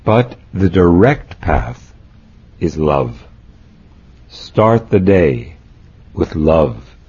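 A man reading aloud, voicing a serene, gentle male guru who speaks slowly and soothingly. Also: deep voice, very animated, breathy edge, pitched below the performer's own voice, heavily acted. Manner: slow, soothing, measured. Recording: dull lo-fi recording.

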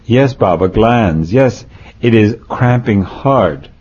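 A man's voice: fairly low pitch, animated, slow pace, a little mellow, slightly rough, full character voice. A man reading aloud, voicing an ill, anxious woman who pleads with her guru, his voice lifted a little. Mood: pleading. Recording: dull lo-fi recording.

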